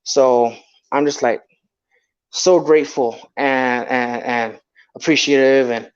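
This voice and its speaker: A man's voice: medium pitch, steady tone, takes it slowly. Young man rambling through a story, lo-fi. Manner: rambling with many fillers and restarts. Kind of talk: casual personal testimony. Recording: dull lo-fi sound.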